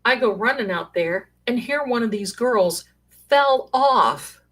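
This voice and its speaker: Slow-talking woman telling stories. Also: on the high side. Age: middle-aged. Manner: animated, rambling, exclamatory. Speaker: storyteller sharing paranormal stories. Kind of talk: casual storytelling.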